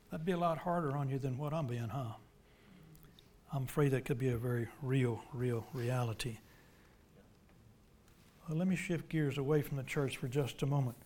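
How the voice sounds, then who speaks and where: A middle-aged man preaching a sermon as pastor, pleading loudly at times and dropping to a near whisper in prayer. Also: on the high side, moderate pace, long pauses. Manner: impassioned preaching, swings from loud pleas to whispered prayer.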